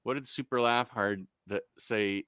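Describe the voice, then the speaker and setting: A man's voice: on the low side, steady tone, a little slow, a crowd in the background. A man hosting a casual livestream, chatting and reading out comments, laughing often and losing his train of thought. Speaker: livestream host reading chat. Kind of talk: casual live chat.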